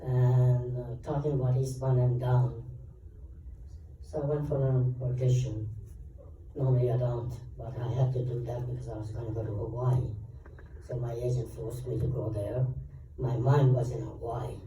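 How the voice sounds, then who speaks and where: A man, a guest actor at a convention panel, telling animated anecdotes and acting out quoted dialogue. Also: mid-range voice, normal speed, dull audio, slight background noise. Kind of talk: storytelling Q&A answers. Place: large convention hall. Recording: echoey hall, taped from far off.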